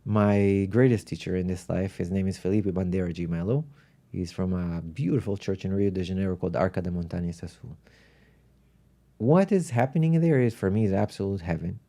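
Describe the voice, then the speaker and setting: A man, a spiritual teacher, speaking in an animated, thoughtful way while telling stories in a podcast conversation. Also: deep voice, a little fast. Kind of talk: reflective storytelling in conversation.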